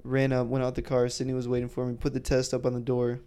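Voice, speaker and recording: Man, podcast co-host, casual profane storytelling, mellow, smooth voice. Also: medium pitch, quick pace. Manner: profane, animated storyteller who acts out quotes loudly.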